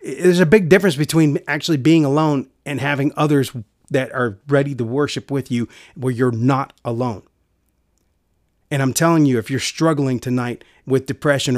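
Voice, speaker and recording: A man preaching a sermon in an earnest way, repeating key phrases and going soft for quiet lines. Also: mid-range voice, no echo, studio quality.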